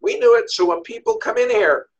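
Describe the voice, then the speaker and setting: A man with a New York accent, a divorce lawyer being interviewed, telling stories in a lively way and acting out voices, often repeating words as he searches. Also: high-pitched, a little fast, muffled recording. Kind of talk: animated storytelling interview.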